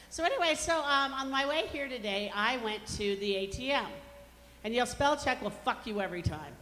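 A brash woman comedian in her fifties from Colorado works through her stand-up set with a bright, forceful voice that sits a little high. She lands each self-mocking punchline hard. Her voice carries a long hall reverb over faint background hiss. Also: lively intonation, fairly quick. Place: comedy club stage.

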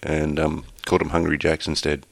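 A man's voice: extremely low pitch, flat delivery, fairly quick, gravelly, dry recording. An Australian man co-hosting a podcast, chatting in a laid-back, rambling way with lots of ums. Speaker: podcast co-host. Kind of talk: casual chat.

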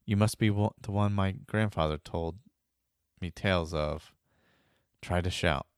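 A man's voice: deep voice, unhurried, clear, resonant tone, no room sound, studio quality. A man voicing an earnest, solemn male tower guard in a fan-made audio story.

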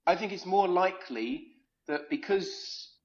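German-accented man, calm and explanatory. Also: sits high, unhurried, lo-fi sound, crowd noise. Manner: explains at length, calm and matter-of-fact. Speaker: podcast guest. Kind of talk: casual chat.

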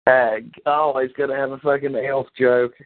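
A man's voice: mid-range voice, steady tone, normal speed. Joking man on a phone line. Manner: joking, crude.

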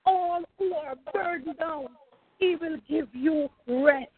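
Over a tinny phone line, a woman pastor delivers a fervent sermon in a high voice at a slow pace, repeating phrases and calling out praise. There's no echo.

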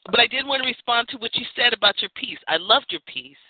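A woman with a cold, chatting on an online radio show and telling stories with emphatic, animated energy. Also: on the high side, fast, heavy background noise. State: has a cold. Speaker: poet and radio show guest. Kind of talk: casual chat. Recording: tinny phone line.

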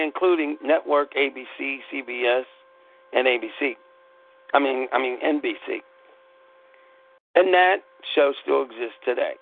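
A man's voice: medium pitch, gravelly. A man hosting his own call-in talk show, delivering an emphatic, rambling solo monologue that often repeats itself. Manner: emphatic, repeats himself, digresses. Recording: tinny phone-line call-in broadcast.

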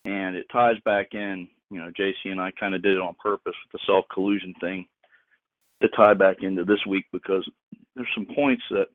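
Man, very low voice, phone-line sound, dry, rambling casual teaching. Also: moderate pace, no echo. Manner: relaxed, rambling, jokey. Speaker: Bible teacher on a radio show.

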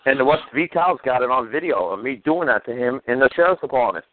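A man's voice: medium pitch, animated, fast talker, no room sound. A man telling a heated, profane story on a call and acting out the arguments he had. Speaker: guest recounting a legal dispute. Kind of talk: casual phone-in chat. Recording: tinny dry phone line.

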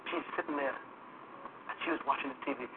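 Male pastor, emphatic sermon, tinny lo-fi line with faint hiss. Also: normal speed. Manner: preaching with rising, emphatic calls to the congregation. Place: church.

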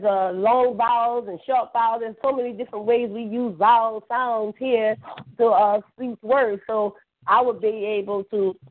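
A woman with a New Orleans accent calls in over a tinny phone line, her voice sitting a little high. She rambles along in casual chat, emphatic and profane. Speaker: caller.

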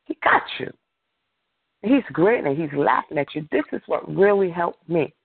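Preacher man on a prayer line, fervent and repetitive, gravelly, tinny phone sound. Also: a little high, expressive, moderate pace, no echo. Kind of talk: sermon.

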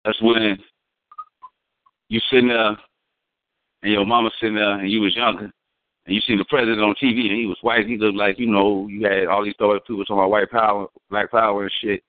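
A man's voice: on the low side, level tone, fairly quick, no echo. A man in casual, profane, rambling talk, explaining slang terms and acting out quotes. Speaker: guest. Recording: dry, phone-like sound.

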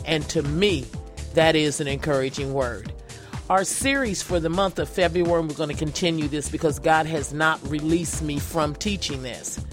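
Earnest woman preaching a sermon. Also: sits low. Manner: earnest, emphatic, repeats key phrases. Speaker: pastor and evangelist. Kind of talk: sermon with scripture reading.

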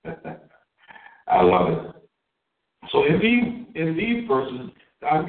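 A man's voice: fairly high pitch, vocal fry, echoey room, recorded from a distance, narrow, tinny audio. A man preaching a sermon, drawing out his key words and asking his listeners questions. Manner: emphatic, drawn-out stresses on key words.

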